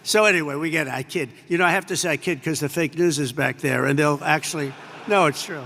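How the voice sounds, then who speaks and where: Speaking off the cuff in an echoey large hall, an older public speaker strays through digressive anecdotes and keeps piling on superlatives. His slightly high voice is fast, bright, and forceful.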